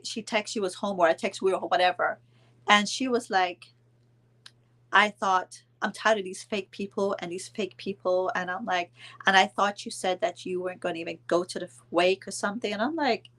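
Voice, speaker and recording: Middle-aged woman, casual storytime vlogger, lively pitch swings, indignant and chatty. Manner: animated, indignant retelling with quoted dialogue and mild cursing.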